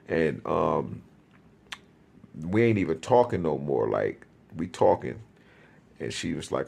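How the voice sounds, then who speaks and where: A man's voice: sits low, lively intonation, moderate pace, vocal fry. A man telling a spiritual experience in a rambling, profane, casual way, often repeating himself.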